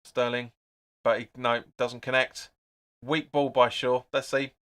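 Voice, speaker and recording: Speaking at medium pitch and a little slowly, this young host of a live football watch-along keeps things chatty. He narrates the play, reads out comments from viewers and gets worked up at scoring chances.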